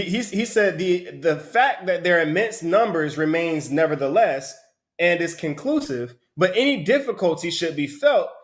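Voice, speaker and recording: A man teaching a Bible study, explaining the text in an animated way and often asking "right?". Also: sits high. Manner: animated, asks rhetorical questions, repeats "right?". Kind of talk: sermon-style teaching with a reader.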